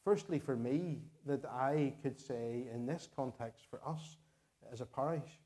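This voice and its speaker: A pastor with a Northern Irish accent preaches to his parish in an earnest, measured way, repeating key phrases to stress them. His voice sits at a medium pitch with a dark tone.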